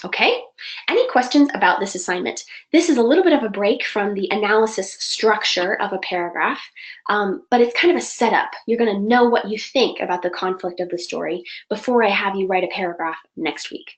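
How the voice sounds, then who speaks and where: A woman's voice: mid-range voice, a little fast, low-quality recording. Woman writing teacher for an online class, mid-range voice, chatty and encouraging. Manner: chatty, encouraging, self-correcting. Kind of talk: live online class instruction. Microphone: computer mic for online class.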